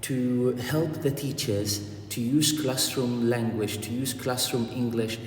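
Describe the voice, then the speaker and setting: A man's voice: mid-range voice, steady tone, takes it slowly, a little hiss or hum. A man teaching classroom English who acts out the teacher phrases in a raised voice. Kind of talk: lecture on classroom language. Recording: echoey room, far from the mic.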